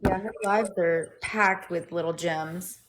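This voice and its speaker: A woman's voice: on the low side, fairly even intonation, slow pace, slight background noise. A woman chatting casually and enthusiastically on a live stream.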